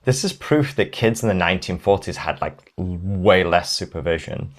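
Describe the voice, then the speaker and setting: A man's voice: deep voice, normal speed. A man co-hosting a podcast in casual chat, joking and riffing on the story with made-up dialogue. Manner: jokey, riffs with mock radio dialogue. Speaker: podcast co-host.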